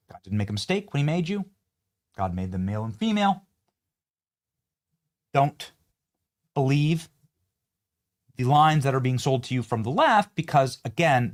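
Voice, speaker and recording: A male host giving impassioned, emphatic commentary over video clips, moralizing as he goes. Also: mid-range voice.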